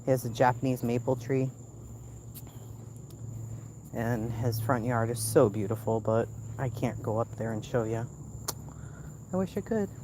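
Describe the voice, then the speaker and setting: A woman's voice: rumbling low, level tone, a little slow, long pauses, background noise. A woman from the southern United States chatting casually on a phone stream while walking outdoors at night. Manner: chatty, calls out loudly to her kid, drops to a whisper. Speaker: channel host.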